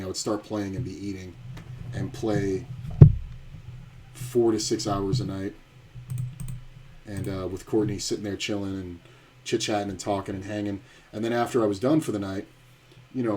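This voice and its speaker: A man's voice: fairly low pitch, mellow, a little hiss or hum. A man streaming poker and telling a rambling, blunt, profane story in casual chat.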